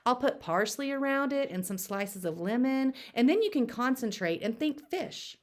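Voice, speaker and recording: An eager boy from a children's book, voiced by a woman who coaxes his friend along. He sounds upbeat and encouraging. The voice sits slightly high. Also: lively intonation, normal speed, lightly acted. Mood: coaxing.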